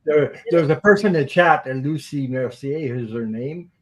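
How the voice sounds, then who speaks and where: A man hosts a casual live video-call chat in a fairly high voice. He speaks with feeling and circles back over his own words as he tells a story. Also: normal speed, low-quality recording. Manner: emotional, repeats himself while telling a story. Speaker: live-stream host.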